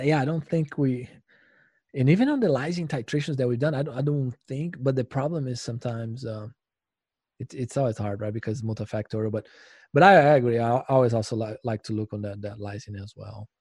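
Man, host, mellow husky voice, halting speech, casual interview. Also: mid-range voice, no room sound. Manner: hesitant, halting, frequent backchannels. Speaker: podcast host.

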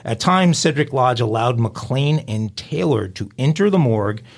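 Man, podcast co-host, reading crime news, deadpan asides, mid-pitched voice. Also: unhurried, creaky. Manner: wry, deadpan commentary between quoted passages.

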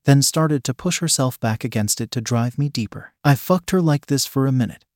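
A man narrates an erotic story in the first person, calm and even in his delivery. His voice sits at an ordinary middle pitch for a man. The recording is dry and close, with no room sound. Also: moderate pace, no echo.

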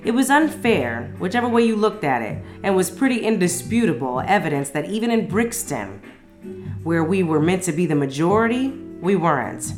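A woman's voice: on the low side, big pitch swings, normal speed, a little mellow, soft background music. A woman casually reviewing a book and reading from it aloud, enthusiastic and full of slang and swearing.

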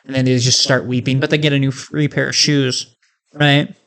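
A man's voice: medium pitch, little pitch movement, moderate pace, vocal fry, a bit bright. A man hosting a podcast in a casual, rambling, joking way, with lots of filler words. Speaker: podcast host.

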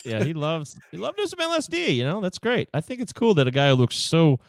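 A man with a mid-pitched voice that swings up and down a lot, chatting about a film with dry, sarcastic asides. The recording is dry and close, with no room sound. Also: huge pitch swings, fairly quick, vocal fry, no room sound. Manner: wry, reads quotes aloud, sarcastic asides. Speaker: podcast co-host. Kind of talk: casual film discussion.

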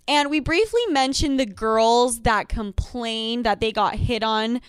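Young woman cohost, clear smooth voice, opinionated, gets heated, dry close mic. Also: a little high, a little slow, no room sound. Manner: opinionated, heated, reads ad copy. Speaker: podcast co-host. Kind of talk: casual chat.

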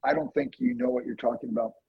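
A man tells an emotional prayer story with real feeling, his voice rough and strongly gravelly. It swings up and down with lively energy. The recording is dry and a little dull, like a lo-fi podcast. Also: fast talker, no room sound. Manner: earnest, emotional testimony with animated swings in pitch. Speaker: guest, prayer ministry leader. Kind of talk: storytelling in a conversation.

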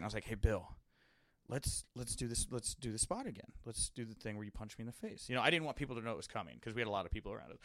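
A young man hosting a podcast, telling rambling, animated anecdotes in a casual monologue. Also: mid-range voice, smooth, no echo, clean studio sound. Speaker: wrestling podcast host.

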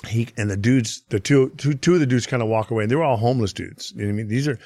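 A podcast guest in a studio tells a story in a rambling, casual way, swearing often and leaning on fillers like "you know what I mean." His medium-pitched, darkish voice comes out rapid-fire on a dry recording.

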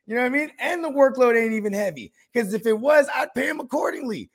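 A man hosts a casual podcast chat in a high, gravelly voice. He tells the story in a profane, animated way and acts out each quote. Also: quick pace. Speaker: podcast host.

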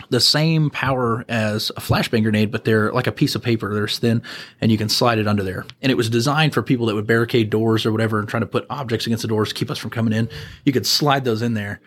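A man, a former prison officer, telling animated anecdotes on a podcast and chuckling as he acts out what people said. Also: lowish voice, quick pace. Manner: animated, chuckling storyteller who acts out quotes. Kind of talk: casual anecdote storytelling.

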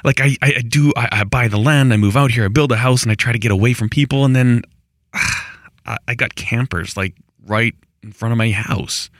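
Speaking at normal speed in a mid-range, slightly bright voice, the homestead vlogger, a middle-aged man, rambles conversationally to camera. He restarts sentences and drops exasperated asides, and the studio-quality audio has no room sound.

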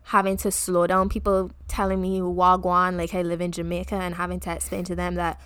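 Young female co-host from the Caribbean; smooth, resonant, slightly low voice, unhurried and thoughtful. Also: completely flat delivery, no echo. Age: young adult. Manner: reflective, earnest, pauses often mid-thought. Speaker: podcast co-host. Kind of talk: casual chat.

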